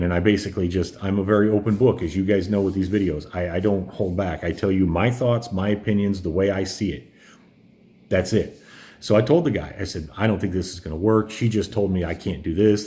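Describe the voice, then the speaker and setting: Low, mellow-voiced man telling his story. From Indiana, US. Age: 40s. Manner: open, rambling, frequent fillers and restarts. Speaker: truck driver vlogger. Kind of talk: candid personal storytelling.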